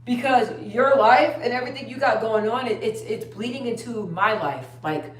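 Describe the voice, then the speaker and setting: A woman's voice: fairly high pitch, normal speed, slight background noise. Chatty woman livestreaming from across a room. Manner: chatty storytelling, reads viewer comments aloud. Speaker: livestream host. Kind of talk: casual livestream chat. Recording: roomy sound, distant from the mic.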